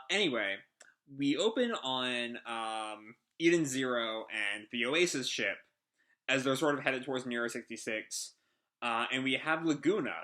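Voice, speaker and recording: A man's voice: mid-range voice, bright, forceful tone. A man hosting a casual live reaction to a manga chapter, rambling with lots of fillers.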